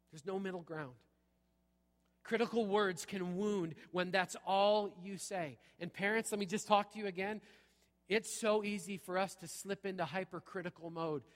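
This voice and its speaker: High-voiced pastor in a reverberant hall. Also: male voice, fairly bright tone. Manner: punchy, repeats "okay?" often. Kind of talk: sermon. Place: church sanctuary.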